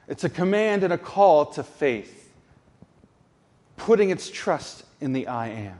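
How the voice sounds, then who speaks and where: Male pastor delivering a sermon; unhurried, deliberate and emphatic, in a slightly high voice. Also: big pitch swings, darkish tone, in a large hall. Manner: slow, deliberate preaching with emphatic repetition.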